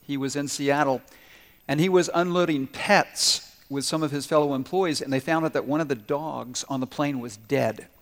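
A man preaching as a pastor, his voice a little higher than most men's. He tells stories in a conversational way and speaks directly to the church. The sound rings with the long reverb of a large hall. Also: moderate pace. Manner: storytelling, conversational and direct with the congregation. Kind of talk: sermon.

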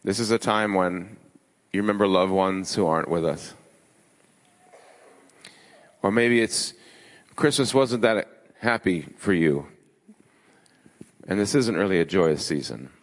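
A man preaching a sermon as pastor, emphatic, building his lists with rising pitch. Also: animated, measured pace, long pauses. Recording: long hall reverb.

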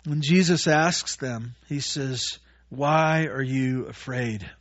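A man preaching a sermon as pastor, animated, acting out the voices of the people in his story. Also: medium pitch, slow pace, lo-fi sound. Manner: animated, acts out voices of Jesus and disciples.

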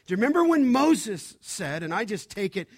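A man preaching a sermon to his congregation, slow and emphatic, building to loud declarations. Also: sits high, sing-song, slightly rough. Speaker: pastor.

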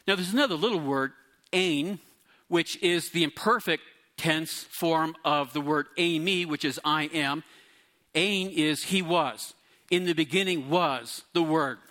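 Bright-voiced man preaching a sermon. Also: fairly high pitch. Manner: teaching, explains Greek words, lively emphasis. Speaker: pastor.

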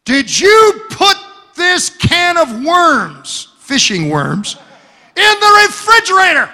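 A male preacher voicing his shrill, scolding wife in a sermon story. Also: big pitch swings, slow, bright, forceful tone, long reverb tail, exaggerated voice.

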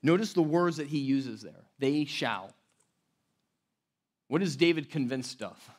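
High-voiced man preaching casually. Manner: conversational, laughing asides, repeats words. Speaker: pastor. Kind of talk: sermon.

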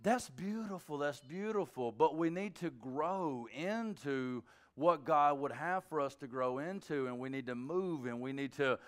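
This informal sermon comes from a middle-aged man, a pastor whose voice is a little high and a little slow. He relates stories as if chatting, then suddenly bursts with excitement.

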